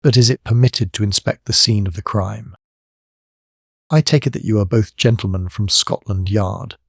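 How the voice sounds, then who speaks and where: A man putting on a slow, drawling American gentleman. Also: lowish voice, gravelly, no echo, studio quality. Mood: placid. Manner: slow drawl, mild and polite.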